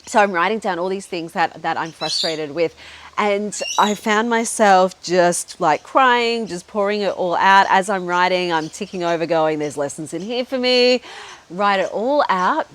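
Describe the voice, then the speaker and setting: A woman's voice: fairly low pitch, a little slow, a bit bright, slight background noise. Chatty woman podcast host, candid. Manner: chatty, heavy use of "like" and "you know"; frank, occasional swearing. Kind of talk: candid personal storytelling.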